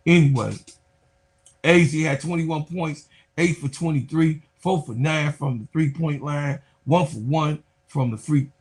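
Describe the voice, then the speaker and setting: A man giving casual basketball commentary to his viewers in an animated way, talking to them directly and drifting into asides. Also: medium pitch, slightly rough. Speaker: sports commentator.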